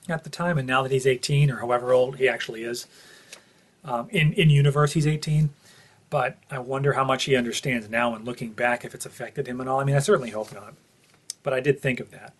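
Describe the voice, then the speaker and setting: A man with a mid-pitched, slightly husky voice gives a casual spoken review of a TV episode. He is earnest and opinionated, working out his thoughts aloud as he talks.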